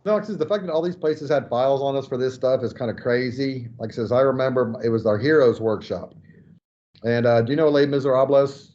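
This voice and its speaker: A man's voice: medium pitch, a little fast, mellow. Man, podcast host, conversational, muffled sound. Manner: rambling, conversational with fillers. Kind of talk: casual interview. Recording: dull lo-fi audio.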